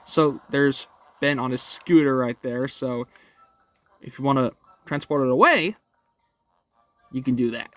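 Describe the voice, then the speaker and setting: A man's voice: mid-range voice, a little slow, pauses often, a bit bright, dry recording. A young man hosting a casual game walkthrough, talking each step through in an upbeat, chatty way at home. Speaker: gaming channel host.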